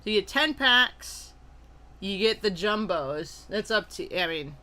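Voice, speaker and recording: Young adult stream host, bright tone, upbeat chatter, allergy-sneezy. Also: mid-range voice, a little slow. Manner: upbeat, greets viewers by name, frequent loud excited outbursts. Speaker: live-stream host opening trading cards. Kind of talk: casual live-stream chat.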